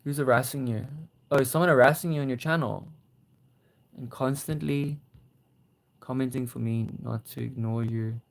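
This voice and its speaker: A young man hosting a casual livestream, reading viewer comments and gently encouraging them. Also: medium pitch, moderate pace, vocal fry, pauses often. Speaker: livestream host.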